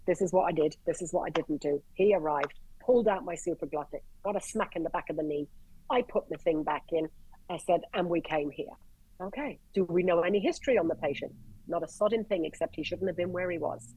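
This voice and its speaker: An Irish woman from Ireland, a paramedic guest, telling stories in an animated, blunt way, swearing freely and acting out the people she quotes. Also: on the low side, fairly quick, slight background noise, low-quality recording. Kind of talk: casual storytelling.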